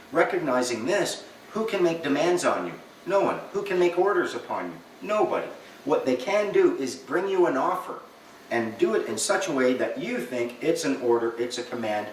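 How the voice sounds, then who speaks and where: A man giving a lecture to a live audience, animated and joking, acting out little dialogues as he goes. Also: medium pitch, brisk, slight background noise. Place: meeting room with an audience. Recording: echoey room, recorded from far off.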